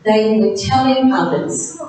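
A woman with a slightly high voice tells a Bible story slowly and deliberately, pausing after each short phrase. She sounds distant from the mic in a very echoey room. A faint hiss sits underneath her voice. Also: a little mellow. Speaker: narrator. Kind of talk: scripted Bible story narration.

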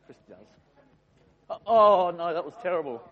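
A man's voice: high voice, moderate pace. An Australian man running a playful quiz for a room of people, teasing and chatting with them as he goes. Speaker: quiz host for a live group. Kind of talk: playful quizmaster banter. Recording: muffled lo-fi recording.

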